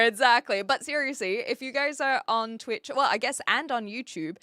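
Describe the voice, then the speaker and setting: A woman with a New Zealand accent chats casually with her viewers on a live stream, rambling and laughing often as she reads their messages. Her voice is bright and clear. It sounds close and dry, with no room echo. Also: fairly high pitch, normal speed. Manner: chatty and rambling, laughs often, self-deprecating.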